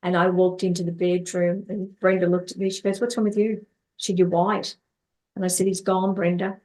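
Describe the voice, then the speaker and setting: A life coach and therapist appears as an interview guest, telling stories from her life while repeating words and acting out what people told her. The woman speaks briskly in a lowish, darkish voice with little pitch movement.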